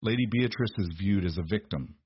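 A man's voice: fairly low pitch, fairly quick, dull audio, a little hiss or hum, lightly acted. A man reading the part of a cold, pompous male lawyer with a clipped, sneering delivery. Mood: condescending.

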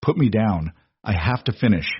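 A man's voice: on the low side, expressive, moderate pace, husky, dry recording. Feverish stubborn young woman, slurring; male narrator's put-on voice, dull lo-fi audio. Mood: pleading. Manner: slurred, weak protests. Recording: dull lo-fi recording.

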